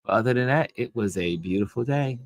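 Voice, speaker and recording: A middle-aged man hosting a casual livestream chat from home, talking in an easygoing, rambling way with soft laughs. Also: medium pitch, expressive, fairly quick, no echo. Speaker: livestream host reading chat.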